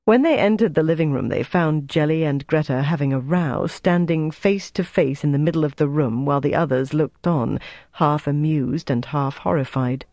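A measured audiobook narrator, even and steady, with a middle pitch. The voice sits close to a studio mic in a dry, dead room. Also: dry recording. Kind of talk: scripted narration.

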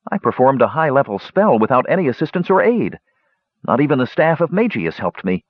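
A man's voice: mid-range voice, big pitch swings, moderate pace, husky, no room sound, muffled recording, pitched above the performer's own voice. A man voicing a proud, power-hungry young male mage with a sneering manner. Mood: haughty. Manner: sneering, haughty.

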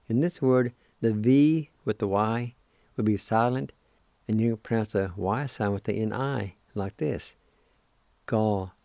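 A man's voice: mid-range voice, dark tone, no room sound. A man hosting a radio language lesson, patiently spelling out words and repeating each syllable with encouragement. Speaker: radio host teaching a language.

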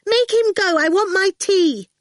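A woman's voice: extremely high pitch, unhurried, dry recording, clean studio sound, voice pushed up. A woman voicing a bratty eight-year-old girl with a piercing, demanding voice, in an audiobook. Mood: whiny.

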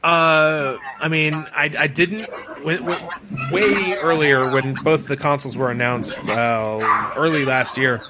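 A man hosts a casual podcast, rambling from point to point with easy swearing. His voice sits a little high. A steady hiss runs under the recording. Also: takes it slowly. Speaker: podcast host. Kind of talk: casual chat.

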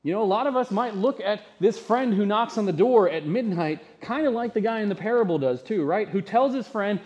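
A man's voice: high voice, animated, fairly quick, hardly any pauses, darkish tone, highs cut off. A man preaching a sermon as pastor, conversational, often asking the congregation rhetorical questions.

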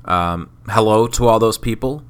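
A man's voice: on the low side, normal speed, clear, resonant tone. A sick man hosting a solo podcast, rambling in a profane, self-mocking way. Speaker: podcast host. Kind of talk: casual solo podcast monologue.

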